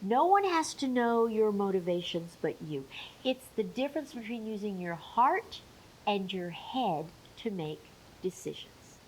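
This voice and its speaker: Woman teaching on camera, lively up and down voice, bit of hiss behind. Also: mid-range voice, a little slow, poor audio. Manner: clear, emphatic explaining with playful asides. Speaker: menopause educator. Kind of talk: educational video talk.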